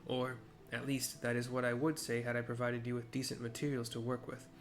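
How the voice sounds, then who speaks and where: A man reading out a cold, formal master swordsmith from a game, a harsh father who speaks in measured, disdainful sentences. His voice sits in a middle pitch and stays close to an everyday delivery. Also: monotone, slight background noise, lightly acted. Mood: stern.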